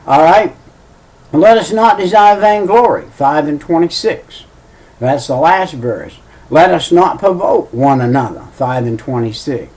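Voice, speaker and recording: A man's voice: a little high, expressive, measured pace, darkish tone, low-quality recording. A middle-aged man preaching a sermon in a folksy, emphatic way, often repeating his key phrases.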